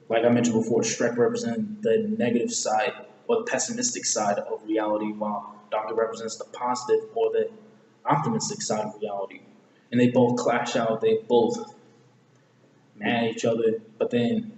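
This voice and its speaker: A movie reviewer with a medium-pitched, darkish voice casually picks apart a film, rambling, correcting himself often and using slang. The room is echoey with long reverb and a faint hiss.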